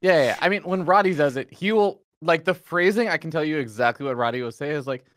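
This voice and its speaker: A man's voice: on the high side, expressive, fast talker, a bit bright, no echo, studio quality. A man esports commentator talking casually on a podcast, reflecting and acting out quotes from others. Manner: reflective, acts out quoted voices. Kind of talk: casual chat.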